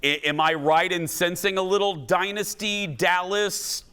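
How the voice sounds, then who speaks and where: A man hosting a daytime TV talk show, chatty and animated with self-deprecating asides. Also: sits high, unhurried, smooth. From family from the American South. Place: TV studio with live audience.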